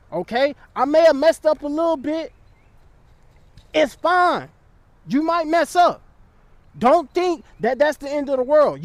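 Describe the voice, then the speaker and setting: A man's voice: very high-pitched, no room sound. A young man giving blunt, profane dating advice in a casual vlog, often checking in with the listener.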